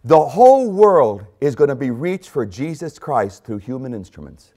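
A man preaching a sermon, repeating phrases for emphasis and swinging between loud emphatic lines and quiet storytelling. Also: mid-range voice, sing-song, normal speed. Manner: dramatic, swings between shouting and hushed storytelling.

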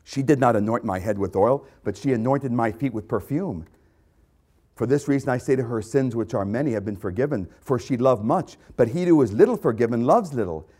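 An impassioned male pastor preaches in a mid-pitched voice. He repeats phrases for emphasis and swings between bursts and low, intense asides. It is a sermon delivered to a congregation. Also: lively intonation, fairly quick. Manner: impassioned, repetitive, swings loud to soft.

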